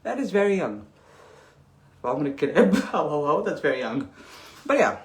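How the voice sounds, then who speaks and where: A woman's voice: deep voice, big pitch swings, moderate pace. A woman in her late thirties from Texas, ranting sarcastically in a rambling casual vlog, laughing often and sometimes dropping to a whisper. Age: 30s. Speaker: vlogger. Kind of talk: casual storytime rant.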